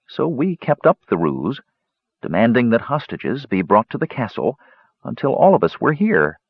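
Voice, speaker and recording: A man putting on a languid, teasing dark-haired beauty. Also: lowish voice, husky, no echo, heavily acted. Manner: soft, sighing, coaxing delivery. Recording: dull lo-fi dry recording.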